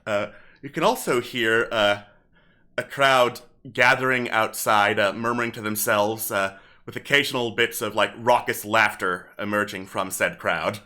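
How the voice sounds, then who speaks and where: A man as game master, narrating a tabletop game in a relaxed way with lots of fillers. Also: fairly low pitch, measured pace.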